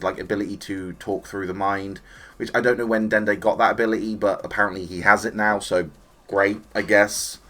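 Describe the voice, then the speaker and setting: A man reviews an anime episode in a casual, excited way, chatting with lots of energy and sometimes performing the characters' lines himself. His voice sits on the low side.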